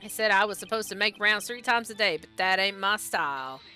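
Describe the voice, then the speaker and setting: A woman voicing a drawling cowboy-style male police officer with a slow, theatrical Southern drawl. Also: medium pitch, lively intonation, sharp tone, faint music behind. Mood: laconic.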